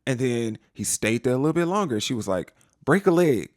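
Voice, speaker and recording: A man's voice: mid-range voice, expressive, fast, no echo, studio quality. A man hosting a casual TV episode recap, retelling scenes with slangy asides. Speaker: TV recap host.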